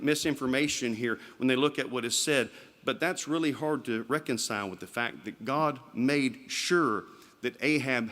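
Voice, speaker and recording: A man with a medium-pitched, fairly bright voice preaches an evening sermon in a church sanctuary. He talks conversationally and poses rhetorical questions to the congregation.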